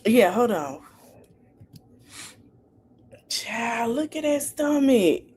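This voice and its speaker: A woman's voice: a little high, big pitch swings, extremely slow, darkish tone, a little hiss or hum. A woman hosting a casual livestream chat, teasing and laughing while greeting viewers by name. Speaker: livestream podcast host.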